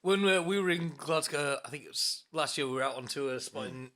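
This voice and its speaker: A man's voice: on the high side, a little fast, sharp tone. A man hosting a podcast, telling stories in casual chat and swearing freely. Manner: chatty, swears, jokey interjections. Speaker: podcast host.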